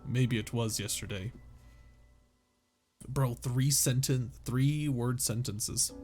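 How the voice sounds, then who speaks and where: A man's voice: medium pitch, slow pace, darkish tone, soft background music. A man streaming casually, reading a novel aloud to chat while joking, swearing and laughing between lines. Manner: joking, swears freely, lots of laughing asides.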